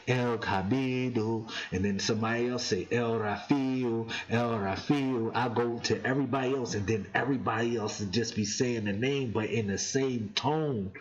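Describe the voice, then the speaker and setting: A man talks to his viewers about a spiritual ritual in a loose, casual way, slowing down to chant sacred names and pressing his points with excited emphasis. His voice sits at an average pitch. It sounds echoey and slightly muffled, like a lo-fi recording in a bare room. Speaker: vlogger.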